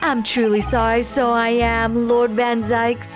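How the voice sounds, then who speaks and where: A woman's voice: on the high side, level tone, over music, lightly acted. A woman doing a drawling Southern witness. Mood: folksy, evasive. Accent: put-on American Southern. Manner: slow, drawn-out folksy speech. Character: shifty male witness, folksy drawl.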